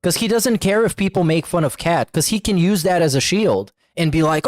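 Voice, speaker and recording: A man's voice: fairly high pitch, animated, brisk, few pauses, no room sound, studio quality. A man streaming live, thanking members and mocking a video he is watching with sarcastic running commentary.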